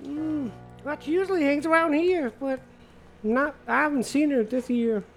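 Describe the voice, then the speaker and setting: A woman voicing a gruff, rude male dwarf innkeeper who calls people boy and fool in a tabletop role-play. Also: sits high, normal speed, faint music behind. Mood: surly.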